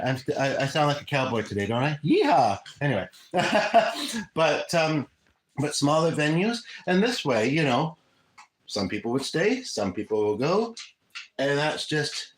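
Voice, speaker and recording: A man's voice: medium pitch, very animated, moderate pace, a little hiss or hum, rough recording. Rambling man chatting on a livestream. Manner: rambling, conversational, frequent fillers. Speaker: livestream host. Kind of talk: casual live chat.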